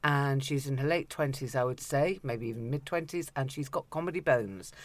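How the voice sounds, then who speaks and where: A woman hosting a chatty radio conversation, theatrical and playful, often dropping to a hush for asides. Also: extremely low pitch, normal speed.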